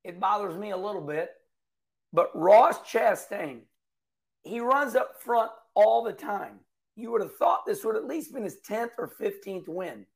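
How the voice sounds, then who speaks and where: Folksy racing commentator, middle-aged man, lively storyteller, high raspy tone. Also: measured pace. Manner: folksy, animated storytelling with acted-out quotes. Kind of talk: casual monologue.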